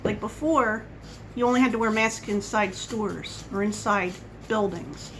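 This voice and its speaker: A woman's voice: mid-range voice, measured pace, a bit bright, slight background noise, low-quality recording. A woman vlogger talking at home in a casual coffee-chat monologue, rambling and wandering off on tangents. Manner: rambling, chatty, goes off on tangents.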